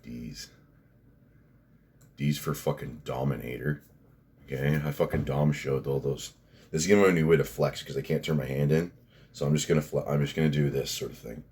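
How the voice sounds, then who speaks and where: A man's voice: a bass voice, fairly even intonation, moderate pace, long pauses, a little mellow, slightly rough. A man, rambling bluntly through a casual commentary vlog, swearing freely and restarting his sentences. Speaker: fitness vlogger.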